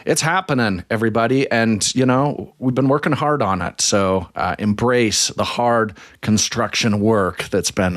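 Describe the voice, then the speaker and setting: A man co-hosting a podcast in casual chat, relaxed and chatty with plenty of fillers. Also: lowish voice, measured pace, hardly any pauses, no echo, clean studio sound. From Canada. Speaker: podcast co-host.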